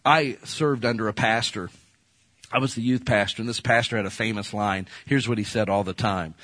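A man preaching a sermon as a pastor, folksy and animated, often slipping into playful quoted voices. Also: mid-range voice, breathy edge, no echo.

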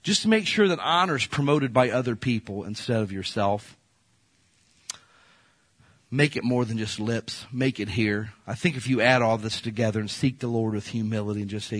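Animated husky-voiced male pastor preaching. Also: medium pitch, moderate pace, no room sound. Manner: animated, folksy, jumps into playful quoted voices. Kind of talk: sermon.

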